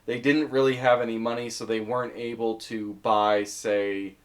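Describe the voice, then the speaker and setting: A man's voice: mid-range voice, flat delivery, moderate pace. Casual man explaining religious history. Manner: conversational, thinking aloud with fillers and hedges. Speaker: video essayist. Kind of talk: explaining topics from a list in casual commentary.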